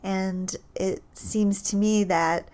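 A woman who is a child psychologist, explaining research findings in a thoughtful, measured way, with fillers and restarts. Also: mid-range voice, steady tone, darkish tone.

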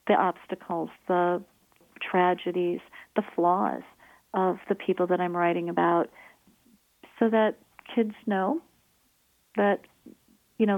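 A woman author, earnest and enthusiastic, answering interview questions and reading a passage from her book aloud, over a phone-like line. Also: lowish voice. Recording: dry tinny phone-like line.

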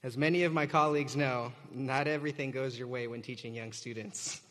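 Speaking fairly quickly in a steady, medium-pitched voice, a young graduating student teacher gives a commencement address at a podium mic. He's joking yet warm and earnest, and he gets the crowd cheering. The large hall leaves a reverberant auditorium echo on the recording.

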